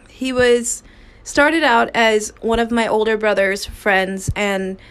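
A woman hosting her own podcast, telling a personal story in a frank, casual way, swearing freely and pausing to restart her sentences. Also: medium pitch. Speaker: podcast host.

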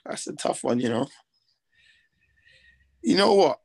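Confident young boxer, casual. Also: male voice, on the high side, slow, creaky, husky. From Britain, with Ghanaian heritage. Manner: relaxed, confident, rambling with slang and restarts. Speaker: boxer, interview guest. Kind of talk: casual interview chat.

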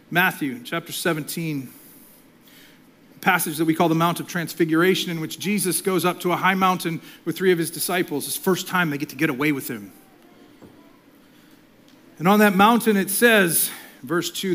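A middle-aged male pastor preaching a sermon, swinging between loud emphasis and soft, near-whispered passages. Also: a little high.

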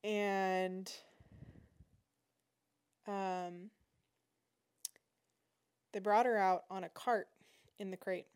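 A woman hosting a podcast, telling a personal story in a lively, indignant way. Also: mid-range voice, extremely slow, long pauses, smooth. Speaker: podcast host. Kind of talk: casual storytelling.

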